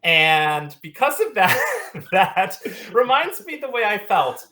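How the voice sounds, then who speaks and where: A man's voice: sits high, big pitch swings, slow pace, sharp tone. A man in a casual chat about music picks, dry and teasing. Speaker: co-host.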